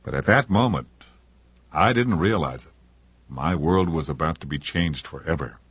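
An older man narrating a comic memoir in a deadpan manner, recorded in a studio. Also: very deep voice, moderate pace.

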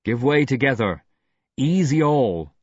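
Man doing young navy lieutenant yelling boat orders, high and loud, a bit raspy, flat dull audio. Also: takes it slowly, dry recording, full character voice. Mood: urgent. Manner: crisp, urgent commands.

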